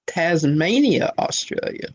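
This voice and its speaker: A woman's voice: on the low side, big pitch swings, takes it slowly, husky, no echo, highs cut off. A woman on an online panel, chatting casually, laughing often, and calling the others "hon". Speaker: panel member.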